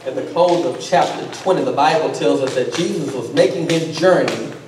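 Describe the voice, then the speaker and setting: A man's voice: on the high side, brisk, creaky, a little mellow, slight background noise. A man preaching a call-and-response sermon to his congregation, repeating words in rhythmic, stammering runs. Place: church sanctuary with congregation. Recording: echoey church recording from far off. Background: congregation calling back.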